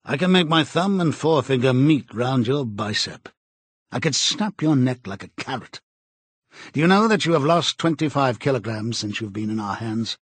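Casting: a man playing a cold, menacing interrogator with a husky voice, read dry and close. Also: mid-range voice, expressive, no echo. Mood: taunting. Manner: cold, measured, contemptuous. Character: cold menacing male interrogator, middle-aged. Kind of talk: audiobook character reading.

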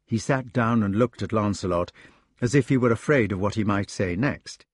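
A low-pitched male narrator reads a scripted audiobook with steady, even pacing. The studio sound is clean and dry.

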